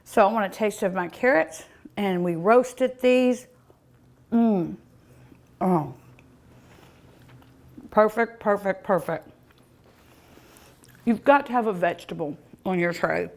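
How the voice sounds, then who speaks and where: A woman's voice: medium pitch, slow pace, vocal fry, long pauses. A woman hosting a cooking show, tasting food in casual commentary, savoring each bite with delighted hums and exclamations.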